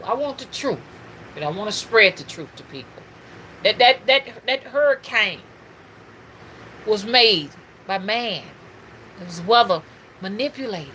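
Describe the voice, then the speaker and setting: Middle-aged woman, bright forceful voice, preachy livestream host with faint room noise. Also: medium pitch, low-quality recording. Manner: animated, preachy, addresses viewers as y'all. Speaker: spiritual reader and livestream host. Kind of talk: casual livestream talk.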